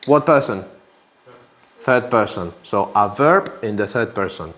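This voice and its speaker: A man's voice: fairly low pitch, animated, measured pace, fairly bright tone. A man teaching an English grammar lesson to a class, who repeats key phrases and often checks in with "yeah?".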